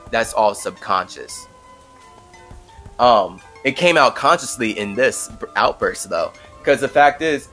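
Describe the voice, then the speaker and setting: A young man hosting a podcast, telling a story in an animated, casual way with frequent fillers. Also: mid-range voice. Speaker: podcast host. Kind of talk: casual monologue.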